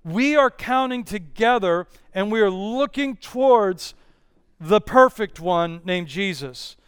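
A male pastor preaching an earnest, measured sermon with Bible readings. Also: sits high, expressive, a bit bright, clean tone, dry recording, clean studio sound.

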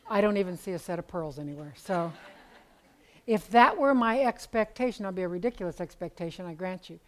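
A woman's voice: on the low side, lively intonation, brisk, low-quality recording. A woman in her seventies teaching a women's Bible study in a candid, conversational way, telling personal stories with dry, self-deprecating humor.

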